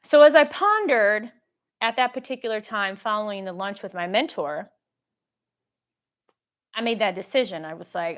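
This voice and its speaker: A woman hosting a casual live-stream Q&A, telling stories in a lively way and acting out the people in them. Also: medium pitch, normal speed, long pauses. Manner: animated storytelling, acts out quoted dialogue; reads viewer questions aloud. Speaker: government contracting coach.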